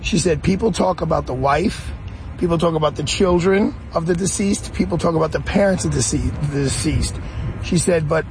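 A man's voice: fairly high pitch, normal speed, music in the background, low-quality recording. A middle-aged man hosting a radio interview, effusive and talking over his guest. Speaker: radio host. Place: high-floor room, then a golf course.

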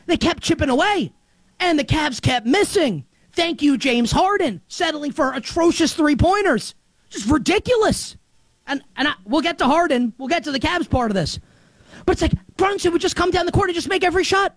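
Excitable high-voiced male sports host. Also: brisk, no room sound. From New York. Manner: animated, emphatic, shifts between shouting highs and muttered lows. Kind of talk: excited sports commentary monologue.

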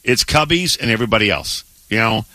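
A male sports radio co-host with a Southern American accent speaks in a very bright, cutting voice. He talks emphatically and stumbles over his words in quick restarts. The studio sound is dry and close. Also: fairly low pitch, no echo. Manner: emphatic, animated, stammering restarts. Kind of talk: casual sports radio banter.

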